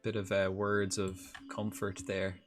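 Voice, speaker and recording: A man's voice: low-pitched, completely flat delivery, a little slow. A young Irish man chatting casually on a live stream while he builds in a game, rambling, swearing freely and restarting his sentences. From Republic of Ireland. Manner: rambling, swears freely, restarts often, laughs at own jokes. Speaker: livestreamer. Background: music playing clearly.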